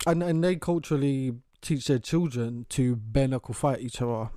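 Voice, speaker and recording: A London man in casual, uncensored podcast chat. His voice is mellow and relaxed, and he swears and laughs freely as he talks. The sound is dry and close, with no room echo. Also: mid-range voice, moderate pace. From south-east London. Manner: loose, swearing, laughing often. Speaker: podcast co-host.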